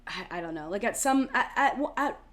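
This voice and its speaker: An American woman co-hosting a podcast, chatting casually and telling animated stories, full of "like" fillers and casual swearing. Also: mid-range voice, a little fast. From United States. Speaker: podcast co-host. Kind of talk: casual chat.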